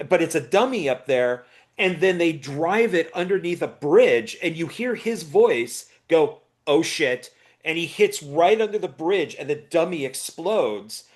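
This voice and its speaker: Male co-host, animated casual storyteller, slightly raised pitch. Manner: animated storyteller, retells bits with voices. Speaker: film review co-host. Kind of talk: casual chat.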